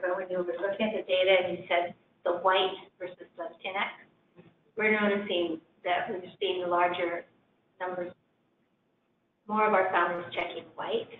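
A woman's voice: fairly low pitch, flat delivery, moderate pace. Woman, committee member; earnest, thinking aloud; phone-like echoey room audio with faint hiss. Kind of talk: meeting discussion.

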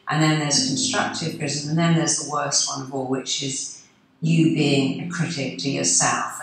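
Low voiced woman giving a pep talk, encouraging, sounds far off in a really echoey room with faint hiss. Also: fairly bright tone. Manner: earnest, encouraging, acts out quoted voices. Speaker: motivational speaker. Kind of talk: motivational talk. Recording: echoey room, distant mic.

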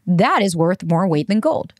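A woman's voice: fairly low pitch, sing-song, normal speed, darkish tone, no echo, clean studio sound. A woman hosting a podcast, talking in a candid, conversational way in a casual monologue. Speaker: podcast host.

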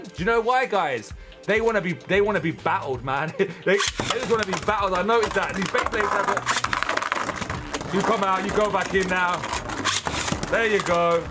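Young man, high voice, excitable casual commentary, faint music behind. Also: normal speed. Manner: excitable, chatty, exclaims loudly at toy battles. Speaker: toy reviewer. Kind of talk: casual unboxing and testing commentary.

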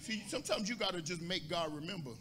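A man's voice: high-pitched, lively intonation, fast, pushed and bright. A man pastor preaching a sermon, asking the congregation for responses and rising into a sung cadence.

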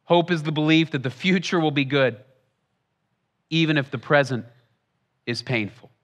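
Young male pastor, high voice, earnest and conversational, repeats key lines for emphasis. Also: normal speed, a bit bright. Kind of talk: sermon. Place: church.

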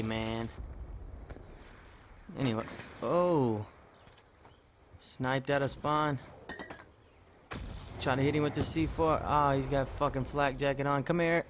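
A man giving excitable gameplay commentary, cursing and talking to himself as he plays. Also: medium pitch, a little hiss or hum. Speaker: gamer making a trolling video.

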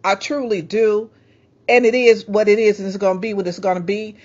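A woman's voice: mid-range voice, fairly even intonation, darkish tone. A woman preaching a fervent sermon into a handheld microphone, breaking into praise and stumbling for words. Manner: fervent, praising, halting at times. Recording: slightly dull lo-fi sound.

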